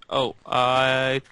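A man's voice: medium pitch, sharp tone, smooth. A man chatting casually while playing a block-building game with friends, laid-back with goofy comebacks. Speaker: gamer. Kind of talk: casual gameplay chat.

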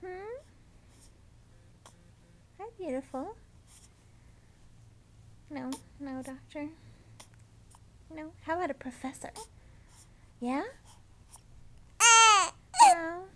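High cooing mother's baby talk. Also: lively intonation, extremely slow, pauses often, mellow, slight background noise. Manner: sing-song, cooing, playful.

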